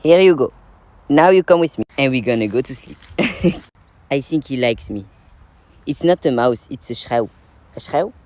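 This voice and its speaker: A man's voice: medium pitch, expressive, unhurried, pauses often, a little mellow. A Belgian man with a French accent who talks to the camera in casual, playful chat, giggling often and cooing at animals. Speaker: video creator.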